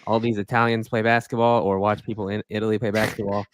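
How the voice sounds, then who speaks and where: A man's voice: fairly low pitch, little pitch movement, fast, a little hiss or hum. Laid-back male podcast co-host. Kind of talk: casual chat.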